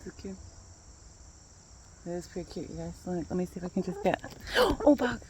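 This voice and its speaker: A woman's voice: lowish voice, big pitch swings, background noise. A woman filming her backyard hens, talking to them in cooing baby talk. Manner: cooing baby talk to chickens, soft and slow. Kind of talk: casual talk to pets on camera.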